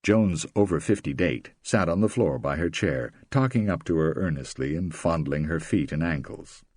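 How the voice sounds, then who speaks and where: A man reading a novel aloud as an audiobook narrator, measured and expressive, close to the mic. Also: rumbling low, dry recording. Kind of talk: scripted narration.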